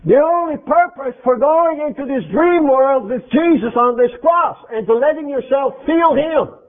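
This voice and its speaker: A man's voice: very high voice, normal speed. A man preaching an interactive sermon, speaking emphatically and quizzing his congregation with questions. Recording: tinny phone-like lo-fi recording.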